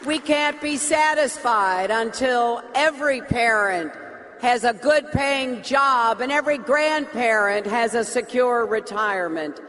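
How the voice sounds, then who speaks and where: Woman politician at a podium, slow deliberate campaign speech, big hall reverb. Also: fairly high pitch, lively intonation, fairly bright tone, some chatter behind. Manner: slow, emphatic, rhetorical repetition. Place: large hall.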